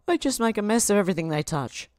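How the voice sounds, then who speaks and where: A woman's voice: medium pitch, big pitch swings, fairly quick, darkish tone, no echo, studio quality. An Australian woman hosting a livestream, reading social media posts aloud and answering them with sarcastic asides. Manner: sarcastic, talks back at posts. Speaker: livestream host.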